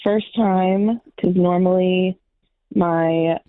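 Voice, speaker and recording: A woman's voice: on the low side, steady tone, extremely slow, dry recording. A woman in her thirties calling into a late-night stream, chatty and upbeat. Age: 30s. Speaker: caller. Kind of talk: casual phone call. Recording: tinny phone line.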